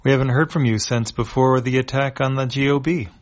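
A man's voice: medium pitch, steady tone, voice pushed up, close to an everyday voice. A man reading a blunt horned alien. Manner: read aloud, brisk.

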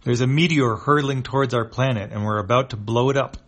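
A man voicing a busy purple eel-like alien who works at a mining station in a comic, speaking in a brisk, offhand way. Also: medium pitch, a bit bright. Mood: matter-of-fact.

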